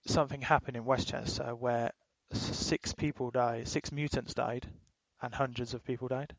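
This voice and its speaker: Casting note: man, podcast co-host, loose swearing chatter, flat tone, dry close sound. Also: mid-range voice, normal speed, no echo, muffled recording. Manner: rambling, swears freely, laughs while retelling. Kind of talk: casual chat.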